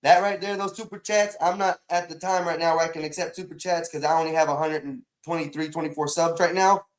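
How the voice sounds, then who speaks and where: A man's voice: fairly high pitch, steady tone, fast talker. A man hosting a livestream, scolding and preaching in an emphatic way, often repeating his words. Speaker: livestream host. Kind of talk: casual livestream talk.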